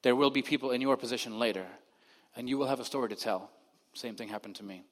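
A man preaching a sermon in a conversational way, his voice rising to loud emphasis and then dropping to a hushed quiet. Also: medium pitch, fast. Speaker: pastor. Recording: long hall reverb.

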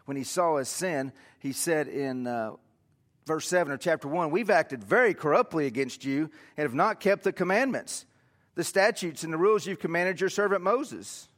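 High-voiced man preaching in a reverberant hall. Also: expressive, moderate pace. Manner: preaching with wide swings from loud to hushed. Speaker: pastor. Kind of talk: sermon.

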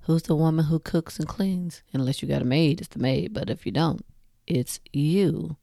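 A woman's voice: low-pitched, mellow, no echo, studio quality. A woman in her forties hosting a show, talking frankly and casually to her listeners, swearing freely and laughing at her own jokes. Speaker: podcast host.

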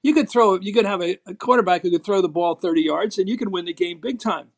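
An older man from Philadelphia, a former TV political host, speaks as an interview guest with a Philadelphia accent in a high-pitched voice at a quick pace. His talk is animated and emphatic, full of stories in which he acts out the quotes.

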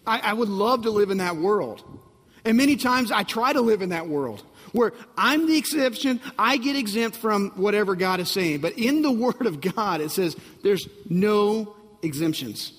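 A long reverb tail trails this pastor's high, fairly bright, animated voice as he preaches at a moderate pace. His sermon is forceful and repetitive, and he keeps asking the audience if they're ready.

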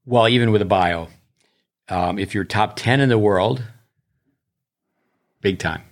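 A man with a very low voice chats casually on a podcast, a middle-aged tennis coach. He rambles through anecdotes and now and then speeds up. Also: unhurried.

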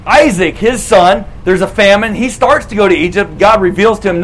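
A man preaching a sermon as a lively story, retelling scripture in casual words and acting out quotes. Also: high-pitched, a little hiss or hum, rough recording. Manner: animated, casual retelling with quick acted quotes.

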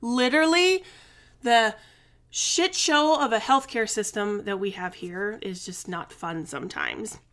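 A woman's voice: on the high side, a little slow, fairly bright tone. Candid, chatty woman in her forties. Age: 40s. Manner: candid, chatty, swears freely; frustrated, venting. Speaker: podcast host. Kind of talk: casual solo podcast chat.

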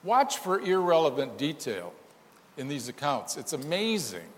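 A pastor delivering a sermon, his somewhat high voice rising and falling with lively swings as he presses his points with emphatic rhetorical questions. His words ring out with a long reverb, as in a large church sanctuary. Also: measured pace.

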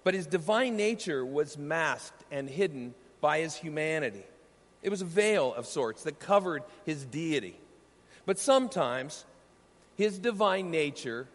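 A man delivers a sermon in a notably high voice, teaching earnestly and slowing on the lines he wants to land. His words ring out with a long reverb tail, as if spoken in a large hall. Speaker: pastor.

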